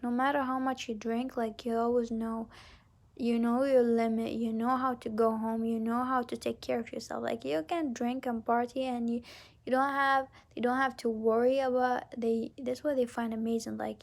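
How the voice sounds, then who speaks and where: Woman doing a chill card reading, kinda high voice w lots of vocal fry, keeps dropping to a whisper. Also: darkish tone. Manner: often drops into a whisper mid-sentence; halting, filled with "like" and restarts. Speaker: tarot card reader. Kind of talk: casual pick-a-card reading.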